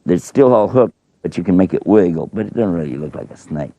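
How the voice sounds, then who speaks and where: A man telling a religious story to children in a folksy, animated way. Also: sits low, fairly quick, no room sound.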